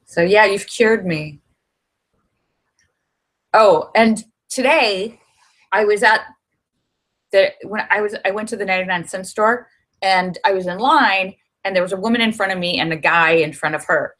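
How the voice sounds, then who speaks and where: Speaking at a moderate pace with frequent pauses, this medium-pitched woman is a middle-aged livestream host at home in Los Angeles. In a chatty, casual stream she tells a story, and she turns animated as she acts out people's words.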